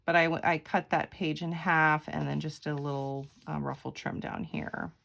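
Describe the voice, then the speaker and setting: A woman's voice: deep voice, steady tone, moderate pace, vocal fry, a bit bright. A woman showing a handmade journal on camera, chatty and meandering, with frequent ums and self-corrections. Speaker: craft vlogger. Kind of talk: casual craft flip-through.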